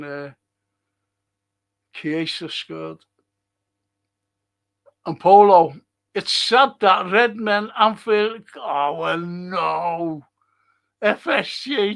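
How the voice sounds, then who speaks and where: A man's voice: sits high, vocal fry, a bit bright. A middle-aged man, hosting a casual football livestream and answering viewer comments bluntly, swearing often. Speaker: football podcast host.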